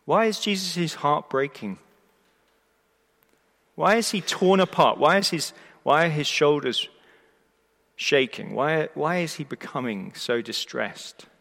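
A man preaching a sermon to a live congregation, emphatic and expressive, asking the listeners rhetorical questions and often restarting his sentences. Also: on the high side, takes it slowly, creaky, pauses often. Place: church or hall before a live congregation. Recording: long reverb of a large hall.

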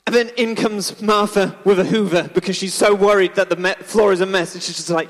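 Man, high voice, chatty playful storyteller, echoey church hall. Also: fairly even intonation, fairly quick. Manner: chatty, playful, asks the audience questions. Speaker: children's talk leader. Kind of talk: lively storytelling to a congregation.

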